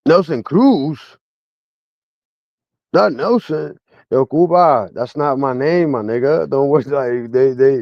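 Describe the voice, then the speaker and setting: A man's voice: medium pitch, slow, creaky, long pauses, dry recording, lo-fi sound. A man livestreaming a casual rant at his chat in a mocking, slang-heavy way.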